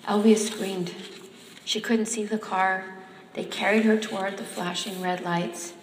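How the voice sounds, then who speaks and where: A woman reading fiction aloud to a live audience in a measured, even storytelling manner. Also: medium pitch. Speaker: author or reader at a reading. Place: hall with audience. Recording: echoey hall with faint background noise.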